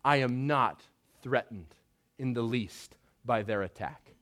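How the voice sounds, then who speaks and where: A man in his thirties giving a sermon as pastor, conversational, with wry humor and slow, emphatic phrases. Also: medium pitch, fairly bright tone.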